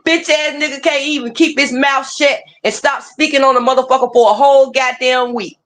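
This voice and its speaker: A woman's voice: high voice, a little fast. A woman hosting a livestream, ranting heatedly and swearing freely at online rivals. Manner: heated, profane, animated. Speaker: streamer host. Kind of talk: profane ranting livestream talk.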